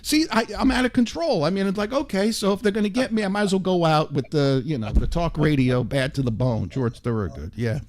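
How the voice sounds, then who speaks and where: An older man, a radio broadcaster, telling stories as a guest in a radio studio interview, lively and full of quick asides. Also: fairly high pitch. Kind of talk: storytelling interview chat.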